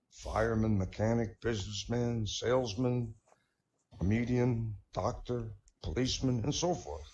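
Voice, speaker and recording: A man's voice: mid-range voice, darkish tone, lo-fi sound. An older man reading a string of jokes aloud on an online comedy show, chuckling at his own punchlines.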